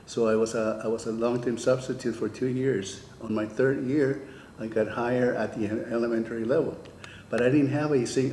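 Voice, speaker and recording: Gravelly older man telling stories. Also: mid-range voice, dark tone, roomy sound, a little hiss or hum. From California. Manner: storytelling, acts out quoted dialogue. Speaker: retired teacher. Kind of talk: oral history interview.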